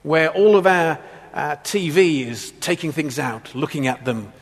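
A man's voice: on the high side, animated, measured pace, husky, in a large hall. A man preaching a sermon, mixing scripture with humorous childhood stories. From England, Black Country.

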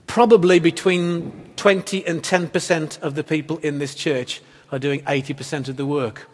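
Husky male pastor preaching in a hall. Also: on the high side, steady tone, normal speed. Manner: earnest, rhetorical questions, emphatic. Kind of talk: sermon. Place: church hall. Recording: long hall reverb.

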